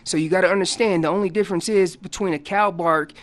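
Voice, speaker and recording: A man guest on a radio show explaining hunting calls in a casual, animated way, acting out what the animals are saying. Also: high voice, fast. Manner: loose casual grammar. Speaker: elk calling champion guest. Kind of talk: instructional radio interview.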